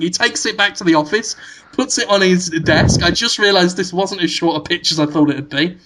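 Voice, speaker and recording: Rambling podcast man, bright voice. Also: sits high, a little fast, slight background noise. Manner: rambling storytelling, laughing at own jokes. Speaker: podcast co-host. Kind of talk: comic movie pitch to co-hosts.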